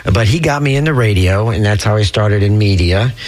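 Easygoing low-voiced male host. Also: fairly quick, darkish tone. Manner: easygoing, chuckling, backchannels. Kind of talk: casual chat.

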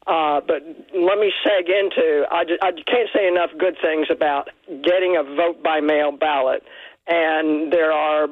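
A man's voice: on the high side, no echo. A male caller to a radio show, earnestly making his points in long run-on sentences. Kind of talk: call-in comment. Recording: dry tinny phone line.

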